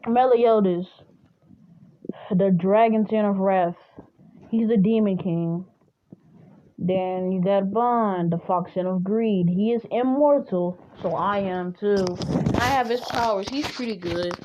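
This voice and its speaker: Young woman, casual storyteller, rambling, lots of ums, self-correcting, middle pitch. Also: slow, warm tone, lo-fi sound. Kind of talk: casual fan-fiction retelling.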